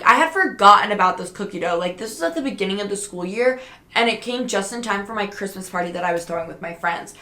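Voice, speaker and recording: A woman's voice: medium pitch, bright, forceful tone, reverberant. A young woman telling a story in a casual, chatty way, swearing often and filling her talk with "like". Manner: chatty, swears a lot, many "like" fillers. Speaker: podcast host.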